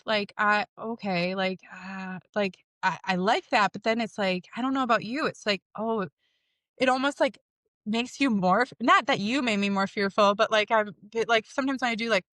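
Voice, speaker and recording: A woman's voice: mid-range voice, fairly bright tone, no echo, studio quality. A young woman who is a guest on a podcast, chatting in a bubbly, giggly, rambling way with many fillers. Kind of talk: casual interview chat.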